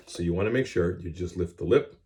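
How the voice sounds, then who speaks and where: A man's voice: deep voice, fairly quick, a little mellow. A middle-aged man teaching a music class to students, recorded on a cell phone, speaking plainly and directly. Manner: plain-spoken, direct and instructive. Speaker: band teacher.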